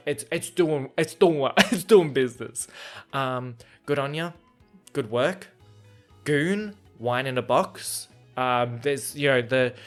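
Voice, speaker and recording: A man's voice: mid-range voice, a bit bright. A young Australian man hosting a casual solo podcast, chatty and rambling, laughing often. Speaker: podcast host.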